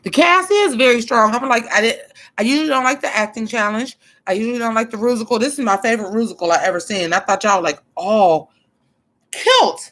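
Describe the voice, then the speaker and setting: Blunt, expressive woman doing stream commentary. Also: a little high, fast. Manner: blunt, expressive, swears, answers chat. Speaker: drag show commentator. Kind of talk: casual livestream commentary.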